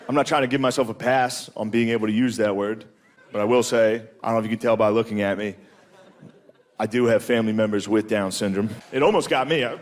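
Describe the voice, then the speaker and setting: A man doing a stand-up comedy set on a handheld mic, crude and casual, often laughing at his own jokes. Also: medium pitch. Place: comedy stage with audience. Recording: noisy live comedy room.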